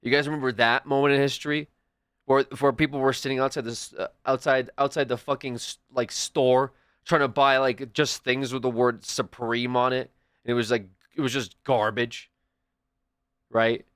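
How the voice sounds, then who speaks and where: Here a young man streaming to viewers tells meandering stories full of restarts and side remarks. His mid-range voice is level, clear and resonant, slightly bright, at a normal speed, recorded in clean studio conditions with no room sound.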